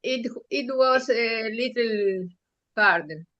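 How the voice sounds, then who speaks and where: Bright, halting woman student. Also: on the high side, dull audio. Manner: slow, hesitant, halting. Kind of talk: class discussion.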